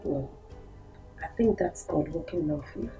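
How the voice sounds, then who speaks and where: An actress with a Nigerian accent playing a calm, reassuring mother. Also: low-pitched, moderate pace, soft background music, low-quality recording. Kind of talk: Nollywood film acting.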